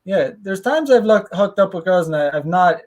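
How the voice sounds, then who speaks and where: High-voiced, rambling male podcast guest. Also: lively intonation, moderate pace, darkish tone. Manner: loose, rambling, laughs often. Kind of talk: casual podcast chat.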